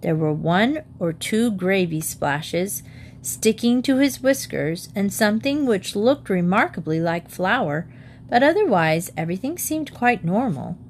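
Woman narrator, storybook read-aloud, middle pitch, measured, faint hum. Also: expressive.

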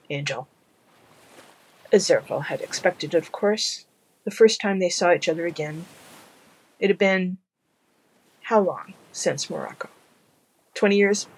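Gravelly, husky audiobook narrator. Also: rough recording. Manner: measured, low-key storytelling.

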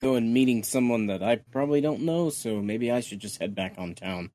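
A young man playing in a tabletop game, relaxed and hesitant. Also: mid-range voice, moderate pace. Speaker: player.

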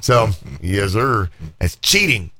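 A man hosting an uncensored podcast, telling stories in a rambling, profane, animated way. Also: on the low side, slow. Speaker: podcast host. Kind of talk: uncensored casual podcast chat.

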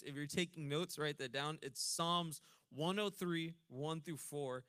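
A young Texan man gives a relaxed youth sermon, joking and chatty between scripture readings. His voice is bright and forceful, pitched a little high for a man, and the recording is close and dry. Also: slow, hardly any pauses, clean tone, dry recording. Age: young adult. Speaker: minister. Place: church sanctuary.

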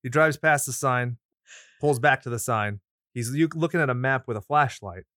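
A man co-hosting a movie podcast recaps a film in casual chat, full of sarcastic teasing banter and frequent swearing. His voice is mid-range, fairly bright and at a moderate pace, recorded dry with no echo on a studio mic with a pop filter.

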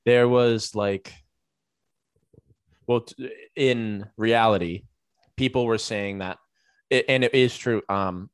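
A man with a somewhat low voice co-hosts a casual podcast chat. He rambles through his stories with plenty of fillers and restarts. His voice is recorded dry and close. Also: fairly even intonation, slow pace, long pauses, clean tone, no room sound. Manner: rambling storyteller with many fillers, laughs while telling. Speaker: podcast co-host.

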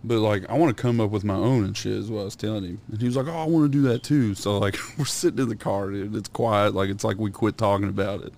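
A man with a slightly low voice, chatting casually on a podcast with a close friend. He talks loosely, swears freely and breaks into laughs. A faint hiss runs under the recording. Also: steady tone, fast, vocal fry, few pauses, a little mellow. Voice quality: laid-back, profane, laughs a lot. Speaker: podcast co-host. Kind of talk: casual chat doing impressions.

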